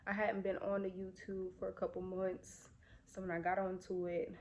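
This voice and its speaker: A young woman telling a storytime straight to her viewers, slightly out of breath, her voice sitting at an ordinary middle pitch. She talks casually, with plenty of fillers, and there is a faint hiss of noise behind her. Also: flat delivery, moderate pace, darkish tone. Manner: chatty, many fillers, addresses viewers directly. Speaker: vlogger.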